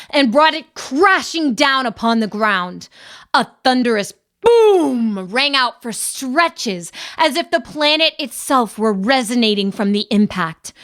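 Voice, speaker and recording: A woman narrating a young adult fantasy audiobook in an even, measured reading. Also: a little high. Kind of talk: scripted narration.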